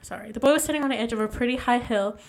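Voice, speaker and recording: A woman's voice: a little high, racing. A young woman casually reading a ghost story aloud, stumbling and correcting herself as she goes.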